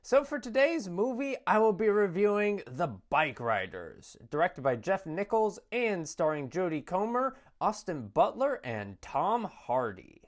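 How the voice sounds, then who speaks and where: A man's voice: high-pitched, sing-song, measured pace, hardly any pauses. A man giving a casual spoken film review, rambling with many fillers and restarts. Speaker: movie reviewer.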